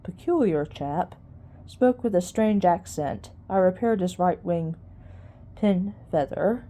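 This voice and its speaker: A woman voicing an ancient, wise old male mouse archivist who mutters in a squeaky near-whisper. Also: takes it slowly, warm tone. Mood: recounting.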